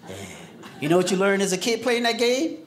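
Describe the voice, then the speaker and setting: A man's voice: high voice, brisk, reverberant, heavy background noise. A man from New York doing stand-up comedy, telling childhood stories in a conversational way and teasing the audience. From New York City.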